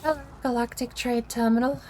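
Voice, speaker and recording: Woman, sleepy, talks to herself, gaming stream, slightly high voice. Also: fairly even intonation, a little fast, a little mellow, a little hiss or hum, rough recording. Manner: drowsy, musing aloud to herself. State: sleepy, yawning. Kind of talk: relaxed gameplay chat.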